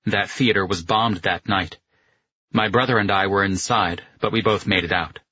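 A man's voice: on the low side, steady tone, moderate pace, sharp tone, slightly rough, no room sound, lo-fi sound. A man voicing a tall young driver, earnest and a little awkward.

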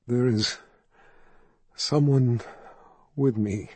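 A man's voice: mid-range voice, very slow, a little mellow, breathy edge. A man voicing a frightened young woman haunted by the underworld, speaking faintly and through sobs in an audiobook reading. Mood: haunted, distant. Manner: faint, distant and sobbing.

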